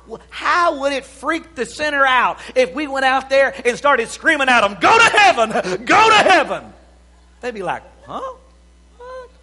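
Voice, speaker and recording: A man preaching a revival sermon, swinging between loud exclamations and hushed passages while quoting scripture. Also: high-pitched.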